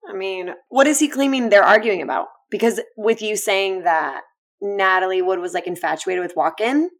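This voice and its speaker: A woman's voice: mid-range voice, moderate pace. Woman podcast co-host, curious, drops wry asides in casual chat. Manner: reacts with questions and wry asides.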